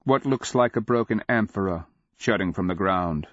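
A man narrating a dark fantasy audiobook in a measured, deliberate, dramatic way. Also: fairly low pitch, dry recording. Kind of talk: scripted literary narration. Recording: slightly muffled dry recording.

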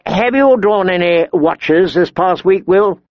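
A man's voice: sits high, slow pace, no echo, muffled recording, voice pushed up. A man voicing an aloof, condescending young nobleman with a raised, clipped voice. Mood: haughty. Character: young haughty male knight, bored and aloof.

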